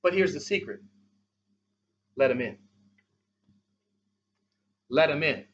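A male pastor preaching a sermon in an emphatic, repetitive style, swinging between loud and soft. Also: fairly high pitch, lively intonation, takes it slowly, muffled recording, a little hiss or hum.

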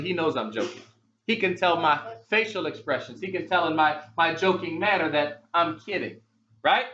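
A man's voice: high voice, expressive, moderate pace, pushed and bright, highs cut off, a little hiss or hum. A man preaching a sermon in a conversational way, asking many rhetorical questions of his congregation.

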